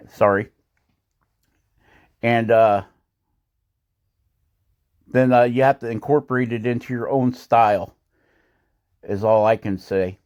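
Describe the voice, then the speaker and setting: A casual male voice-over from a hobby woodcarver, explaining each step as he goes. He rambles, chuckles often and is quick to poke fun at his own skill. His pitch sits at an ordinary middle height for a man. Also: smooth. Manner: rambling, chuckling, self-deprecating. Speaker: woodcarving channel host.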